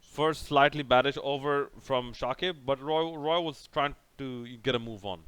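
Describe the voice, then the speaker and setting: Young guy recapping cricket, sarcastic and rambly, smooth voice, dry close mic. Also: mid-range voice, a little slow, a bit bright, dry recording. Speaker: cricket reviewer. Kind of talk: casual match recap.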